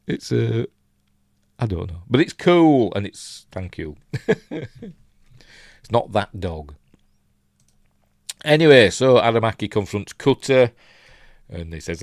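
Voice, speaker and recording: A man's voice: on the low side, sing-song, slow pace, pauses often, no room sound, clean studio sound. A Yorkshire man hosting a casual live film breakdown. He rambles, thinks aloud and reads out viewer comments. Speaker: film reviewer host.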